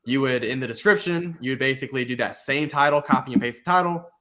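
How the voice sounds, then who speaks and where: A man talking through tips in a loose, rambling way, with lots of "like" and restarts. His voice sits at an ordinary middle pitch. It sounds like an unscripted chat between friends. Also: fast. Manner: rambling, filler-heavy, animated. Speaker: YouTube host giving channel advice. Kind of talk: casual chat.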